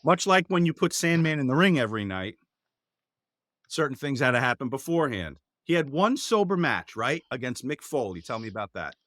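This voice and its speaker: Halting male interviewer, dry sound. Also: medium pitch, big pitch swings, fairly bright tone, dry recording. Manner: halting, many fillers and restarts. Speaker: interviewer, book co-author. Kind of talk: conversational interview.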